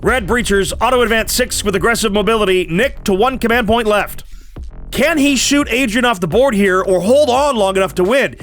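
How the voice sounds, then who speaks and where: A man giving brisk play-by-play commentary over a tabletop wargame. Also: high voice, fairly bright tone, soft background music.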